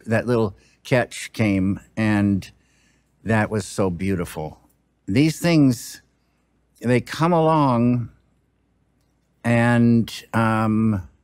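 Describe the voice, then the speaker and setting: A film director talking in an interview, thoughtful and halting, breaking off words as he muses. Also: lowish voice, clear, resonant tone, dry recording, clean studio sound. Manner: slow, halting, musing, with broken-off words. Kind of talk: reflective interview talk.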